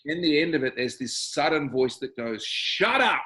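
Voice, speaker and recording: A man's voice: medium pitch, brisk, fairly bright tone. A man with an Australian accent, a guest musician talking casually and wryly, building his points in lists. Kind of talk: casual conversation.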